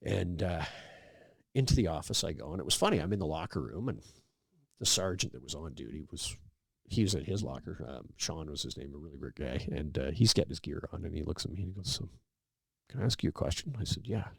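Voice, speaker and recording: Middle-aged man with a very deep, gravelly voice, relaxed podcast guest spinning anecdotes and playing out the dialogue. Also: fast talker, no room sound, studio quality. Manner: relaxed anecdotal storyteller, acts out quoted dialogue. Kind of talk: casual storytelling interview.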